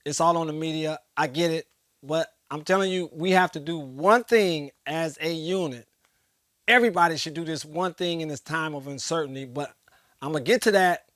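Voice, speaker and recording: High-voiced man, impassioned monologue. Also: moderate pace, fairly bright tone, no room sound, studio quality. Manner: preacher-like, emphatic repetition. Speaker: host.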